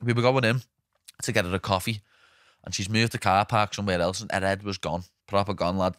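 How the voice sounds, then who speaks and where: A young man with a Liverpool accent spins animated stories in a casual podcast chat, slipping into the voices of the people he quotes. His voice sits fairly low, and the sound is dry and close. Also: brisk, dry recording. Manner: animated anecdotes, swears freely, acts out quotes. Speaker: podcast host.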